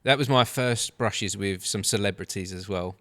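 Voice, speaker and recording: A middle-aged man hosts a casual podcast. His voice sits somewhat low, and he speaks in a measured, reflective way as he reminisces. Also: bright, forceful tone, no echo. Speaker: podcast host. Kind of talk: casual chat.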